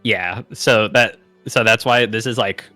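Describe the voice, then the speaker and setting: A man's voice: on the low side, unhurried, bright, forceful tone, dry recording, soft background music. A young man player, talking in an easygoing, casual way. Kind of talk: casual chat.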